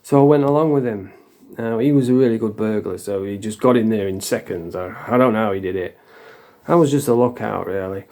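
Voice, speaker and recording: A man's voice: on the low side, a little fast, darkish tone. A middle-aged man from England telling his own story in a blunt, sweary, confessional way. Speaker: vlogger. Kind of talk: casual storytelling.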